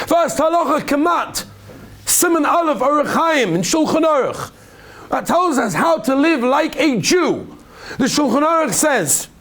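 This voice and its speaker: High-voiced rabbi giving a heartfelt sermon. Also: male voice. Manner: emotional storytelling, pitch rising and falling widely.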